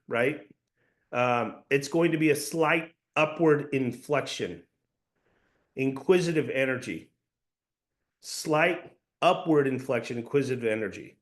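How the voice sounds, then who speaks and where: Emphatic man coaching a sales team. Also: medium pitch. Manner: emphatic, repeats key points for note-taking. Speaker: sales trainer. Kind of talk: sales training talk to a team.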